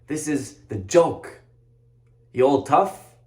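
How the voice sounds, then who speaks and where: A rabbi giving a lively sermon, telling a story with mocking humor and dramatic emphasis. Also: male voice, mid-range voice, moderate pace. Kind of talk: animated sermon.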